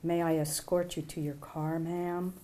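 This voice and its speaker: Woman voicing a soft-spoken young security guard. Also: sits low, level tone, unhurried. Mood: courteous.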